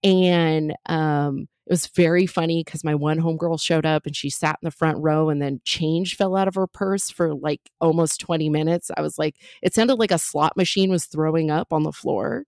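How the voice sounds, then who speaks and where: Comedian lady rambling thru a story on a podcast, kinda low voice, lots of "like", dry close sound. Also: moderate pace, few pauses, darkish tone, no room sound. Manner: chatty, filler-heavy, jokey asides. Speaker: comedian guest.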